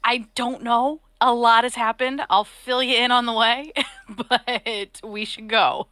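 A woman's voice: on the high side, level tone, slow, pushed and bright, smooth, no room sound, studio quality. A woman speaking in character as a player in a tabletop game, easygoing. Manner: easygoing, laughing often. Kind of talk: in-character tabletop role-play.

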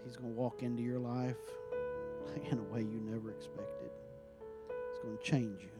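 A man, preaching a sermon and praying for miracles, swinging from soft talk to loud, drawn-out emphasis. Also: mid-range voice, steady tone, loud music behind the voice. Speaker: guest preacher. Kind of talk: sermon with prayer.

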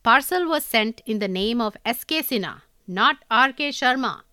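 A woman's voice: fairly high pitch, lively intonation, moderate pace, pushed and bright, clear, resonant tone, no echo, clean studio sound. A woman with an Indian English accent reading out an anonymous bomber's letter, which is stiff, formal and oddly polite. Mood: coldly polite. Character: anonymous male bomber writing a coldly polite threatening letter.

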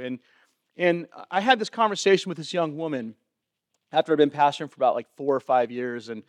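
A man's voice: on the high side, dry recording. Guy pastor giving a chatty sermon, lots of "like" and "you know", dry close sound. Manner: conversational, asks the room questions, many fillers.

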